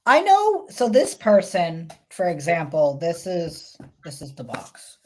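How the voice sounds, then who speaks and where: A woman's voice: on the low side, wildly swooping pitch, takes it slowly. A woman with a New York accent, hosting a casual tarot show with wry, rambling asides. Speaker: host tarot reader. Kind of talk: casual chat.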